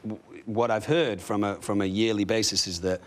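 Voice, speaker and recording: A man's voice: lowish voice, fairly even intonation, moderate pace. A man from England, an actor chatting as a guest, rambling with lots of you know and like. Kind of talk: casual chat.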